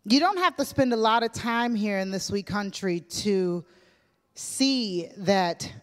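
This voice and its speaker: A woman's voice: mid-range voice, expressive, takes it slowly. A woman preaching a conversational sermon to a church, telling stories with casual fillers. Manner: chatty storytelling with casual fillers. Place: church hall. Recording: long church hall reverb.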